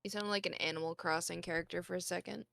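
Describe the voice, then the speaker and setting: A woman's voice: fairly low pitch, fairly even intonation, fast, creaky, a bit bright, no echo. A woman player in casual livestream banter, teasing and playful.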